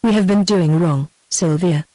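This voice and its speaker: A synthetic woman's voice with a British accent reading the lines of a distraught young peasant girl in an even, plain manner. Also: on the low side, measured pace, no room sound, lightly acted, poor audio.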